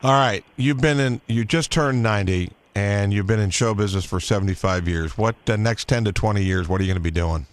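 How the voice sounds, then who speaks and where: A man's voice: fairly low pitch, brisk, few pauses. Stumbling, eager radio host, man. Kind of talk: radio interview.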